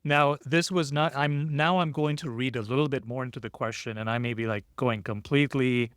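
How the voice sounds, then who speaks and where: A man's voice: medium pitch, fairly even intonation, brisk, a bit bright, clean tone, no echo. Dry-voiced man hosting a podcast. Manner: reads listener questions, then speculates thoughtfully with hedges. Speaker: podcast co-host. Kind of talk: casual conversational podcast.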